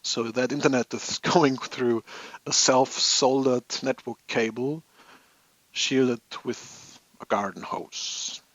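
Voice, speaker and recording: A man's voice: mid-range voice, steady tone, takes it slowly, a bit bright, no echo, muffled recording. A man hosting a live hobby stream from his home office, chatting casually with viewers in a rambling, amused way. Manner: rambling, chatty, laughs at his own stories.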